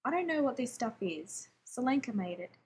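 A woman reading aloud, voicing an anxious, chattering adult man who talks in rapid, fretful bursts. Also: fairly high pitch, sing-song, a little hiss or hum. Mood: flustered.

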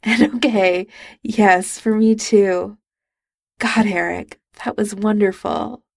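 A tender grown man in a romance audiobook, read by a woman in a slow, gravelly, close-miked voice. He talks softly and gently with small hesitations. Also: medium pitch, steady tone, no echo.

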